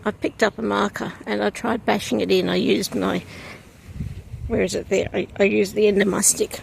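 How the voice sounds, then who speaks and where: Holding her camera as she wanders a windy outdoor cemetery, a vlogger from outside Poland muses casually with lots of ums. She speaks at a moderate pace in a medium-pitched voice with vocal fry and little pitch movement, over slight background noise.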